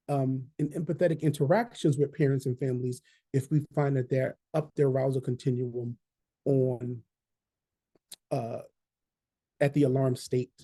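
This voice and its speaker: A man's voice: fairly high pitch, warm tone. A man leading a training session, talking conversationally, repeating key phrases and checking in with "right?". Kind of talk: online training talk.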